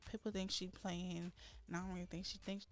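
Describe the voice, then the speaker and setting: A woman's voice: fairly low pitch, flat delivery, fairly quick. A woman hosting a let's-play, chatting casually as she narrates her game and acts out her characters' lines with dramatic flair. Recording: faint background music.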